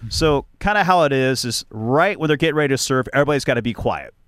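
A man hosting a podcast, telling stories in a chatty, animated way and laughing often. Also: medium pitch, quick pace, no echo, clean studio sound. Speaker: podcast host. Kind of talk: casual chat.

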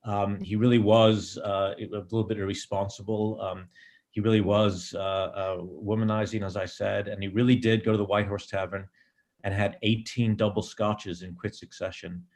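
A middle-aged man, a screenwriter, giving reflective interview answers in a thoughtful, digressive way with many pauses and ums. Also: fairly low pitch, little pitch movement, a little mellow. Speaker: screenwriter and director.

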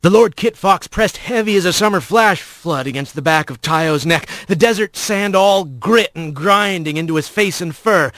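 A man narrating fiction in a dramatic, expressive audiobook reading. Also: high voice, normal speed, hardly any pauses, dry recording, clean studio sound.

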